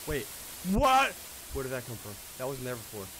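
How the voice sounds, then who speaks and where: This horror-game commentary comes from a young YouTuber playing at home in his bedroom, mocking himself, easily startled, and letting out sudden screams when something frightens him. His mid-range voice swoops wildly in pitch at a normal speed and sounds bright and forceful. A faint hiss or hum runs underneath.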